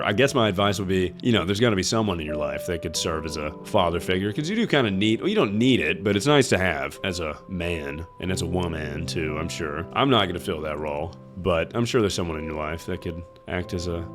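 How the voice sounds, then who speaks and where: A young man streaming, giving mock-serious therapy advice in a rambling, joking way. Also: sits low. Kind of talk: casual chat.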